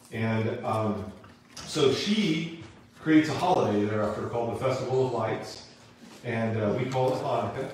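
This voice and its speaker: A man teaching a Bible class in a church, retelling a story in an animated, casual way, recorded in an echoey room from a distant mic. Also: lowish voice, a little hiss or hum. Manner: animated, casual, acts out characters. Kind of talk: lively storytelling lesson.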